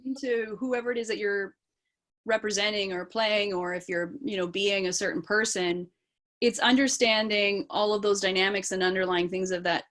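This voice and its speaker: A woman actor with a Canadian accent talks through her answers in a relaxed live video chat. Her voice sits at a middle pitch, and she rambles thoughtfully, often restarting a sentence. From East Coast of Canada. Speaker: actor and interview guest.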